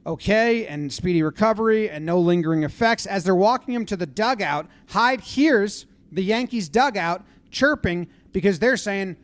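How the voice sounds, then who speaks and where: A man giving casual play-by-play commentary on a baseball brawl clip, acting out what the players shout. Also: high voice, normal speed, hardly any pauses, no room sound. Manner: animated, acts out players' lines in loud voices.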